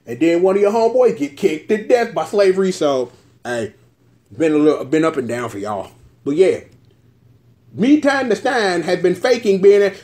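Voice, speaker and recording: Animated, high-voiced male vlog host. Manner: animated, joking, breaks into voices. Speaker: show host reviewing a TV episode. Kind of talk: casual commentary vlog.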